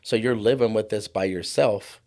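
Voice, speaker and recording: A man in his forties, a podcast guest talking about trauma in an impassioned, preachy way, slowing down for emphasis. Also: on the low side, a little mellow. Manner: fired-up, preachy, slows down for emphasis. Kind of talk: impassioned conversational podcast talk.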